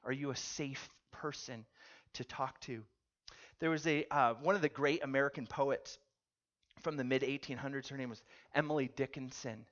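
A male pastor with a mid-range voice delivers a sermon through a story at a moderate pace, animated and asking his listeners questions along the way. The recording sounds dull and lo-fi.

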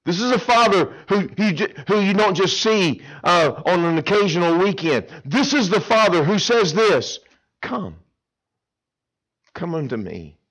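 A middle-aged man preaching a sermon as a pastor, emphatic and swinging between loud declarations and hushed, tender lines. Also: sits high, expressive, moderate pace, hardly any pauses.

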